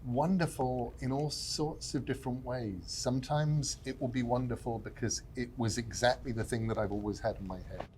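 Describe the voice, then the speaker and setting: A man's voice: mid-range voice, fairly even intonation, normal speed, hardly any pauses, a little mellow, a little hiss or hum. A man who created the series, speaking thoughtfully and with enthusiasm at a panel. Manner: thoughtful, enthusiastic, builds lists of adjectives. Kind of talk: panel discussion.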